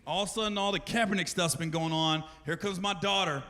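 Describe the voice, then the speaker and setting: A man in his forties doing a profane stand-up comedy set, telling animated stories in put-on voices. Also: high voice, quick pace. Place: large theater stage before a laughing audience. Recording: live concert recording with loud crowd and long reverb.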